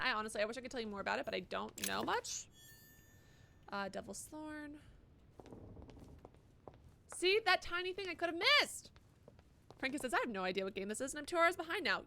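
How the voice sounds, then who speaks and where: Lively young woman streaming a game. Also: fairly high pitch, vocal fry, slight background noise. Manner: casual, profane, reads chat aloud. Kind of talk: live gameplay commentary.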